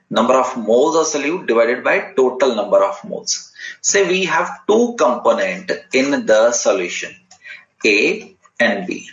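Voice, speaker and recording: A man with an Indian English accent teaching a chemistry class, explaining terms patiently, repeating key words and checking in with students. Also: medium pitch. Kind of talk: classroom lecture. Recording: roomy, slightly dull recording.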